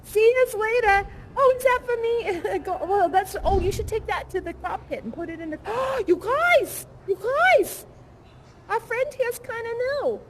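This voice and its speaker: A woman's voice: very high-pitched, lively intonation, measured pace, noisy background. A young woman performing a bubbly bar worker character who chats and gushes with guests at a live immersive show. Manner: chatty, gushing, giggly, rambling. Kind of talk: improvised in-character audience interaction.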